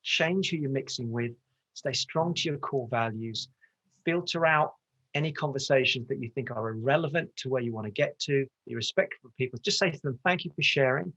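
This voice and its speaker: A man's voice: medium pitch, fairly bright tone, low-quality recording. A male transformational coach from the UK, talking passionately and getting carried away as a podcast guest over a video call. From United Kingdom. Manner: passionate, gets carried away, talks fast. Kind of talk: motivational interview talk.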